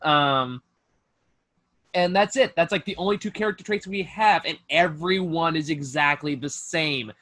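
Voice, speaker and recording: A man's voice: on the high side, measured pace. Profane, mocking man on a video call. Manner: profane, animated, filler-heavy, mocking. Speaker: host. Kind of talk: casual film review chat.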